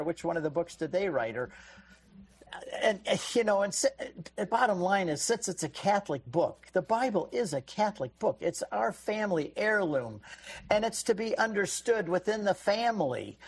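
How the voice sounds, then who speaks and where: Man, call-in radio guest, husky voice, teacherly explaining, medium pitch. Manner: explanatory, teacherly, laughs often. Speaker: radio show guest expert.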